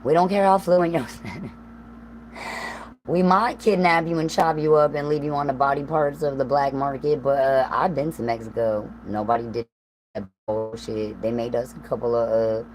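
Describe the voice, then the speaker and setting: A woman with a Southern US accent talks straight into her livestream, her voice sitting unusually low. She rambles from thought to thought with coarse language and laughing asides. A faint hum runs under the recording. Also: steady tone, moderate pace, a little mellow, rough recording. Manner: profane, stream-of-consciousness, laughing asides. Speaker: livestream host.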